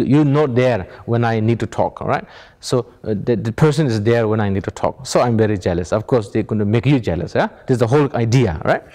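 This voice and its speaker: Rhetorical questions and chuckled stories fill this informal meditation teaching, given to an audience by a man in plain non-native English. His voice is mid-range and a little mellow.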